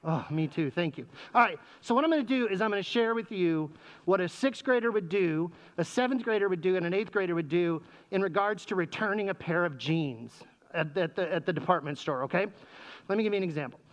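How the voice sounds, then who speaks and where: A man presents to a room of parents with a high, light voice while wearing a face mask. His delivery is jokey and conversational. He keeps turning to the audience with quick questions. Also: expressive, highs cut off. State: speaking through a face mask. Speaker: presenter speaking to parents, former sixth grade teacher. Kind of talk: humorous live talk to an audience.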